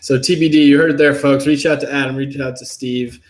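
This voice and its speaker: A man's voice: mid-range voice, fairly even intonation. Upbeat man hosting a livestream panel. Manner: upbeat, rapid, jokey. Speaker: host.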